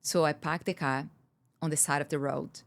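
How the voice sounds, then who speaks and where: A woman's voice: low-pitched, steady tone, moderate pace, creaky. A woman from Brazil, a guest telling a personal story in an interview, candid and earnest, her words tumbling out with many restarts.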